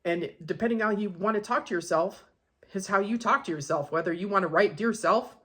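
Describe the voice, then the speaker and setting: A woman's voice: medium pitch, brisk, a bit bright, husky. A woman coaching in a casual, instructional way, blunt and peppered with swearing. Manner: blunt and profane, emphatic. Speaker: manifestation coach.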